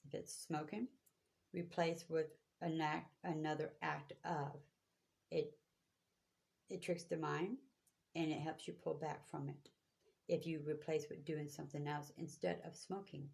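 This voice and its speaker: A woman's voice: deep voice, little pitch movement, measured pace, vocal fry, a little mellow. A woman giving spiritual guidance to viewers, talking in a preachy, repetitive, emphatic way. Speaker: spiritual reader.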